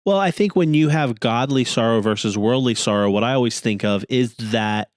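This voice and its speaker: A man's voice: mid-range voice, normal speed, dry recording, clean studio sound. A man from New Jersey co-hosting a church podcast, chatting casually with a sarcastic, joking manner. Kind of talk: casual chat.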